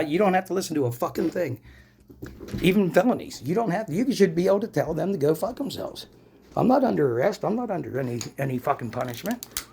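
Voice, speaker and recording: Smoking on camera, a forties-aged man from Pennsylvania, US, vents in an angry vlog rant full of swearing, hailing his audience as "people." The voice is on the high side, creaky and darkish, with a little hiss or hum in the recording.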